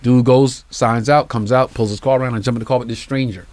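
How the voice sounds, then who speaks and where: A middle-aged man from New York, a comedian telling a long anecdote with lively acted-out voices and casual swearing. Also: medium pitch, fast talker. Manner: acts out voices in his anecdotes, swears freely. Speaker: comedian guest. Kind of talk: animated storytelling.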